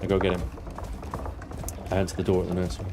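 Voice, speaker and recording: A man in his thirties with a fairly low voice chats loosely through a game stream, swearing offhand and replying to viewers. A steady hiss of background noise runs under his desk mic. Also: fast talker. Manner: chatty, swears casually, reads out chat. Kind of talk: casual gaming stream chat.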